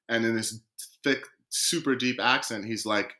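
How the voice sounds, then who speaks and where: A man speaking as a podcast guest, his voice bright and forward. He tells a long personal story with energy. He slips into quoted dialogue as he goes and acts out each person. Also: mid-range voice, fairly even intonation, fairly quick. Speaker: guest footballer.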